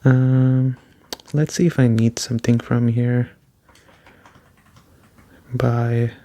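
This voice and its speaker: A man giving soft-spoken ASMR gameplay commentary, with casual joking asides and a voice going hoarse. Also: medium pitch, little pitch movement, takes it slowly. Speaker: let's play host.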